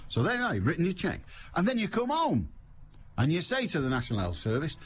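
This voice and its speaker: Older Mancunian phone-in host, wry comic patter, animated delivery. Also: male voice, a little high, fast talker, slight background noise. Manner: wry, teasing, laughs at his own jokes. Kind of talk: comic radio monologue. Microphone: studio microphone.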